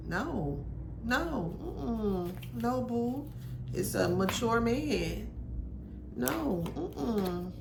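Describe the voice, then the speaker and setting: A woman's voice: on the high side, lively intonation, drawn-out words, gravelly, echoey room, noisy background. A woman doing a casual tarot reading, musing aloud in slangy speech with sudden exclamations. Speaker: tarot reader.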